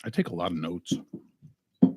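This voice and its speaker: A man's voice: low-pitched, very animated, moderate pace, dark tone, slightly rough, dry recording. A man hosting a casual podcast, talking loosely and swearing freely. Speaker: podcast host. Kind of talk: casual chat.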